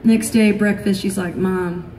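A woman's voice: medium pitch, fairly even intonation, normal speed. A woman in her thirties, a singer-songwriter telling a funny story on stage between songs, laughing often and poking fun at herself. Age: 30s. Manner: laughing, self-deprecating humor. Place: live concert venue with audience. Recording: echoey live venue, distant mic, crowd noise.

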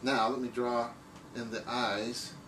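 A man, a magician, drawing on a board while delivering deadpan comic patter, recorded in an echoey room from a distance. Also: medium pitch, slow, a little hiss or hum.

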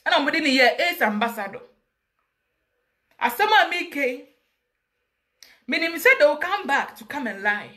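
A woman's voice: high-pitched, sing-song, normal speed, long pauses, sharp tone. A woman with a Ghanaian accent, speaking emphatically and passionately as an interview guest, mixing English with Twi. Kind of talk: emotional personal account.

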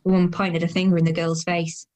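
A woman in her thirties narrates in the first person as a weary, self-conscious woman, her tone dry and sardonic. Her voice is lowish and level, she speaks fast and slightly acted, and music plays in the background.

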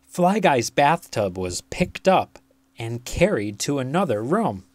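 A children's book reader telling a picture-book story aloud, slow, deliberate and expressive. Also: mid-range voice, no room sound.

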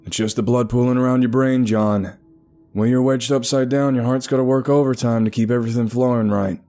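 A man playing an experienced cave rescuer who talks in a brisk, impatient way. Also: medium pitch, steady tone, mellow, faint music behind, voice pushed up, natural voice. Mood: urgent.

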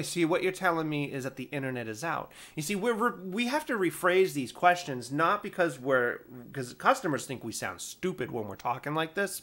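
A man casually telling a tech support story from his past, animated and exasperated, poking fun at himself. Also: on the high side. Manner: animated, exasperated, self-mocking. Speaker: storyteller, former IT support worker.

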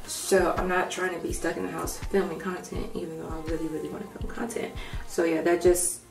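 A low-voiced young woman with a gravelly morning voice chats loosely through a hair tutorial, thinking out loud as she goes. She sits back from the camera in an echoey room at home, and faint music plays underneath. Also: little pitch movement, a little fast, recorded from a distance. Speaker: hair vlogger. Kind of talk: casual tutorial chat.

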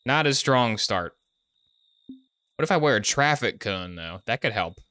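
A man's voice: medium pitch, lively intonation, a little slow, pushed and bright, slight background noise. A man giving casual, goofy commentary while streaming a game, joking as he plays from a home setup. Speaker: gaming streamer.

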